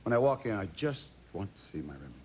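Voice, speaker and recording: A man in his fifties telling a rambling anecdote as a talk show guest, halting and restarting often. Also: lowish voice, sing-song, a little mellow. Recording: TV studio with audience noise.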